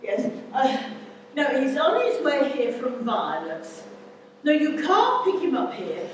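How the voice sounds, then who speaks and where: A woman's voice: high voice, huge pitch swings, slow, recorded from a distance, exaggerated voice. Woman playing a snobbish housewife, affected posh, bossy, amateur stage play, very echoey hall, faint room noise. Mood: fussy. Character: snobbish, fussy middle-aged housewife.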